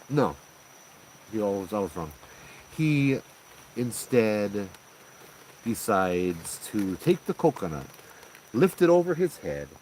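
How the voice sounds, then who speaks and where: A man's voice: lowish voice, a little hiss or hum, low-quality recording. A man with a Hawaiian Pidgin-tinged accent, animatedly telling a ghost story in a casual, slangy way, often acting out what people said. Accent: Hawaiian Pidgin-tinged English. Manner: animated, slangy, lots of "I'm like". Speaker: host telling ghost stories.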